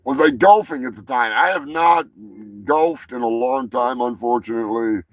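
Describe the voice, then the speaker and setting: A man hosting a live stream, rambling and swearing casually while high. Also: moderate pace, dry recording, low-quality recording. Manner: rambling, profane, laid-back. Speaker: host.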